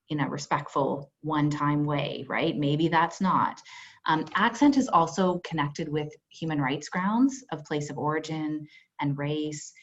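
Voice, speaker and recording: A woman workplace trainer talks through a webinar in a loose, conversational way, full of "you know" and little acted-out dialogues. Her voice sits on the low side. The call audio is dull and lo-fi. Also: unhurried, a little hiss or hum. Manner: conversational, filler-heavy, acts out example dialogue. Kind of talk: webinar presentation. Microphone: video call.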